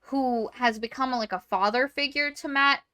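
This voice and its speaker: A woman co-hosting a book podcast, retelling a novel's plot in an animated, chatty way. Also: high voice, moderate pace. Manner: animated retelling, lots of fillers. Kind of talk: casual book discussion.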